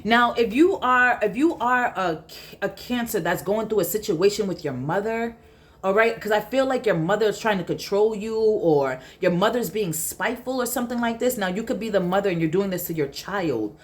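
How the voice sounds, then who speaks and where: A woman's voice: mid-range voice, lively intonation, moderate pace. A woman giving a casual tarot reading, emphatic and blunt, repeating her points and swearing freely. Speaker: tarot reader.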